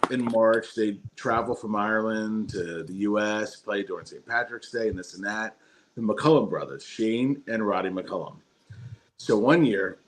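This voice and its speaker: A man's voice: fairly low pitch, fairly bright tone, low-quality recording. A man co-hosting a casual podcast, telling a friend's travel story in a loose, rambling way. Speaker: podcast co-host.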